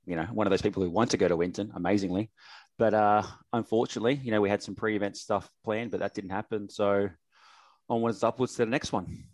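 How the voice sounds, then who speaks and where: A man's voice: fairly low pitch, steady tone, fast, a little mellow, dry recording. A man, a sponsorship manager, explaining his job in an upbeat way. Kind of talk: casual interview.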